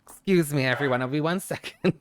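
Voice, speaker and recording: A man's voice: fairly high pitch, brisk, noisy background. A man streaming a game, chatting casually and rambling as he plays, often breaking into laughter. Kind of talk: casual chat while playing a game.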